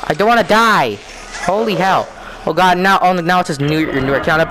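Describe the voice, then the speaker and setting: A young man talking through a horror game in panic, repeating himself and swinging between yelps and low mutters. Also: lively intonation, a little fast, pushed and bright. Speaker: gamer playing a horror game. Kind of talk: scared gameplay commentary. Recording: game music playing behind.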